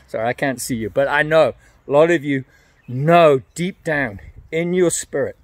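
Older guy preaching straight to camera, earnest and emphatic, a bit high, dry close sound. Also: takes it slowly, long pauses, no echo. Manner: earnest, emphatic, repeats phrases. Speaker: evangelist. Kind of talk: evangelistic message to camera.

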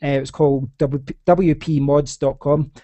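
A young man with a Scottish accent rambles through a casual chat, stumbling and restarting often. His voice sits a little high yet sounds mellow and warm. The sound is close and dry. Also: steady tone, normal speed, dry recording. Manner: rambling with many restarts and laughs. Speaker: podcast host.

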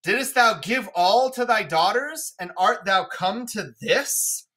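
A woman's voice: medium pitch, expressive, slow pace, fairly bright tone, pitched above the performer's own voice. Woman voicing a maddened old king. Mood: brooding. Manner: grand, anguished verse reading. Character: old male king sliding into madness.

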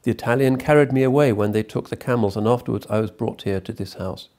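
A man's voice: medium pitch, quick pace, warm tone, pitched above the performer's own voice, natural voice. Man reading as a despairing young daughter.

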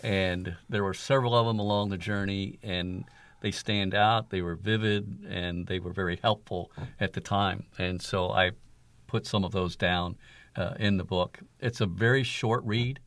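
Speaking low and steady at a moderate clip, this man is a guest on an interview, an author and dad reflecting earnestly on his life through conversational storytelling. He laughs softly now and then, and the recording is dry.

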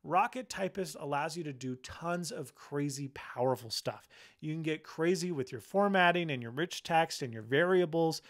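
A young man who hosts a tech channel demonstrates software casually and enthusiastically, though he sounds tired and low on energy. His intonation is lively and his pace moderate.

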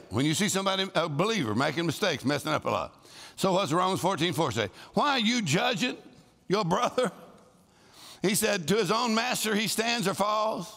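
Animated preacher with gravelly voice. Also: male voice, high voice. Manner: animated, calls for responses, shouts scripture. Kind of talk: lively sermon to a congregation. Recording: live sermon in a large hall with long reverb.

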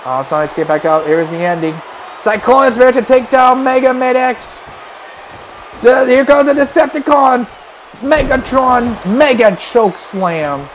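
A man calling wrestling play-by-play, excitable and breaking into shouts at big moves. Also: very high voice, measured pace, a little hiss or hum, rough recording. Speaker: play-by-play commentator.

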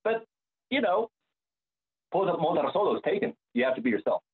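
A man, an opera bass, talking reflectively in an interview and often restarting his sentences. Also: very animated, normal speed, husky. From United States. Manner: searching, restarts sentences, many fillers. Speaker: opera bass singer, guest. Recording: tinny phone-like line.

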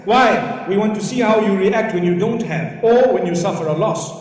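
High-voiced man preaching in an echoey hall. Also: moderate pace, recorded from a distance. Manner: animated storytelling with rising emphasis. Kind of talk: sermon. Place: large lecture hall. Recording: echoey hall with long reverb.

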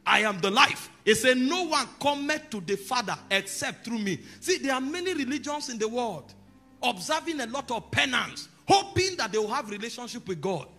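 A man preaching a sermon, teaching calmly, then rising to loud, emphatic declarations over soft background music. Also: very high-pitched, normal speed.

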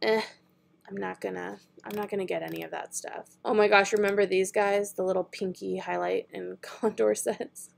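A woman's voice: mid-range voice, fairly even intonation, moderate pace, creaky. A young woman beauty vlogger chatting casually and thinking aloud while she browses makeup online, with frequent giggles. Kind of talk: casual online shopping chat.

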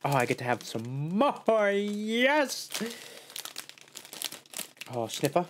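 Man, streamer, casual snack-tasting chat, excitable, high squeals, savoring murmurs. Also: slow, long pauses, a little hiss or hum. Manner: excitable, swings into high squeals of joy and dismay; savoring, murmurs and mm sounds while eating.

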